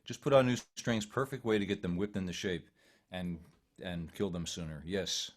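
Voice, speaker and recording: A man teaching a fiddle workshop online, calmly walking students through bowing patterns step by step. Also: sits low, moderate pace. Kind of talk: online music workshop instruction. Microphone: home computer mic on a video call. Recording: loud fiddle music throughout.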